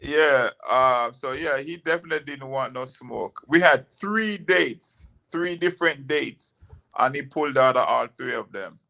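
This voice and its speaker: Ex-boxer guy rambling through old stories, gravelly voice, lots of ums. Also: medium pitch, unhurried. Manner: relaxed, rambling storytelling with fillers. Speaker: guest, former boxer. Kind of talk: casual interview chat.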